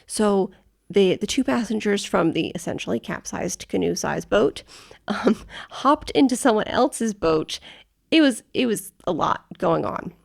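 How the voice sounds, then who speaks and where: Creaky woman explaining travel news. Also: mid-range voice, expressive, unhurried. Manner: explains step by step, checks understanding. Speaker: podcast co-host. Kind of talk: casual chat, explaining news.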